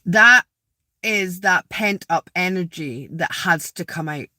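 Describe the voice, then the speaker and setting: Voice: medium pitch, takes it slowly, bright, forceful tone, no echo, clean studio sound. A spiritual vlogger sitting outdoors in a graveyard, rambling casually to viewers, repeating words and asking them questions.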